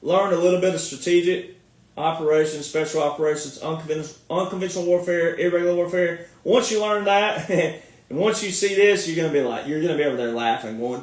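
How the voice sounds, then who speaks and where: A sarcastic American man, a military veteran, rants through a mocking commentary and laughs at his own jabs. His voice sits high for a man. It echoes around a room, picked up from some distance. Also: a little fast. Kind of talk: ranting online commentary. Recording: echoey room, far from mic.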